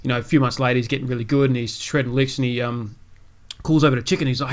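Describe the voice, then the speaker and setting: A man's voice: mid-range voice, steady tone, racing. A man hosting a gaming podcast, telling a long joke in a rambling, casual way with many asides. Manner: rambling, lots of fillers and asides. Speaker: podcast host.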